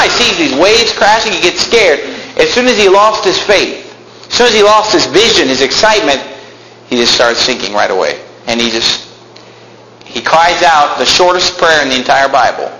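A man preaching a sermon in a church, animated, acting out quotes and bursting into shouts. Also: medium pitch, fairly quick, roomy sound, slight background noise, low-quality recording.

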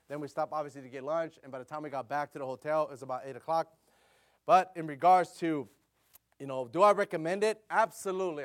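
Energetic preacher man telling a mission story. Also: high-pitched. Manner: conversational storytelling with fillers, rising to loud bursts.

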